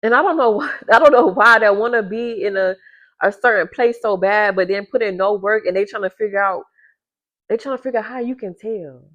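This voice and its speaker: A woman's voice: brisk, fairly bright tone. Emphatic woman, dull lo-fi sound. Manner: emphatic, repeats herself, swings up high when riled; keeps her voice down at first with a sleeping baby nearby. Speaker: vlogger giving a reading to viewers. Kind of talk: casual direct-to-camera talk.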